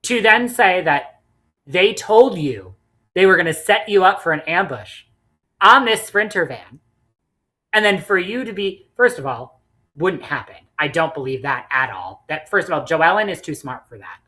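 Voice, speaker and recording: Low-voiced woman bluntly recapping reality TV. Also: normal speed. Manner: blunt, animated, swears freely. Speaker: podcast co-host. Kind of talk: casual reality TV recap chat.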